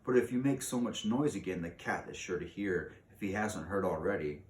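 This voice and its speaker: A man voicing a calm, sensible female mouse in a storybook read-aloud, speaking firmly and with authority. He sounds far from the mic in an echoey room. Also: low-pitched, a little fast, close to an everyday voice. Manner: firm, authoritative. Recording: echoey room, distant mic, faint noise.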